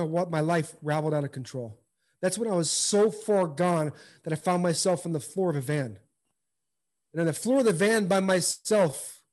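Earnest high-voiced man telling his story. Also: darkish tone. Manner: earnest, impassioned, repeats phrases for emphasis. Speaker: guest, former pro baseball player. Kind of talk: candid interview storytelling.

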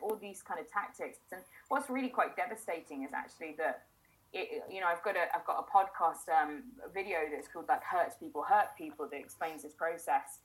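A woman host and therapist talks in a measured, explanatory way with a low-pitched voice. She speaks reflectively and often pauses on fillers as she works through her ideas. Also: low-quality recording.

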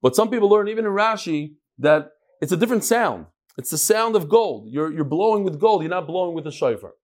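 A man teaching a Talmud class live, lively and joking, with Hebrew and Yiddish terms all through his talk. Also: high-pitched, a little fast. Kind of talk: daf lesson to a live class.

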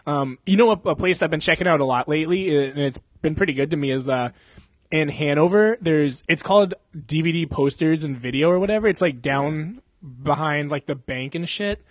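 Talking fairly quickly in a high-ish voice, this young man hosts a casual podcast chat full of rambling, profanity and laughter. There's no echo on the recording.

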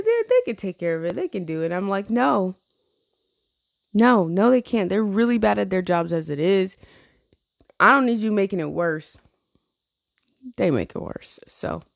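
A woman's voice: fairly low pitch, vocal fry, no echo, clean studio sound. A tired woman venting in a casual chat, blunt and profane, rambling with frequent laughs. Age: adult with a teenage niece. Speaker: vlogger.

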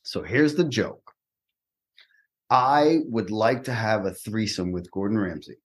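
A man's voice: fairly low pitch, a little slow. A man from Massachusetts, a comedian guest, telling profane stories in casual podcast chat. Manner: animated storytelling, profane.

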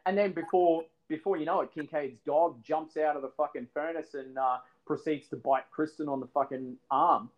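A man's voice: fairly high pitch, steady tone, moderate pace, few pauses, muffled recording. A man co-hosting a casual podcast, recounting movie scenes with enthusiasm and plenty of swearing. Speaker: podcast co-host. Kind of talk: casual chat.

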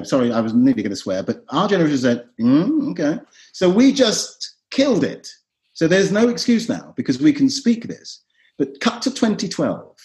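Animated middle-aged male actor. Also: mid-range voice. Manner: animated, theatrical storytelling. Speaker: actor and writer, podcast guest. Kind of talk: podcast discussion.

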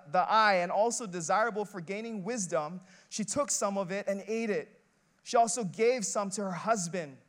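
A man, an associate pastor, preaching a sermon in a conversational, emphatic way, building his points through rhetorical questions and repeated short phrases. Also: high voice.

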